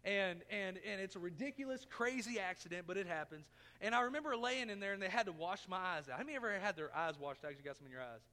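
A man's voice: sits high, expressive, fast talker, hardly any pauses, pushed and bright. A man in his thirties preaching a sermon, telling a personal story in a folksy, self-mocking way. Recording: long reverb of a church hall.

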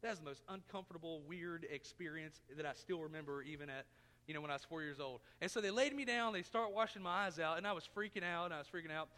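A man's voice: a little high, quick pace, pushed and bright. A man in his thirties preaching a sermon, telling a personal story in a folksy, self-mocking way. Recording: long reverb of a church hall.

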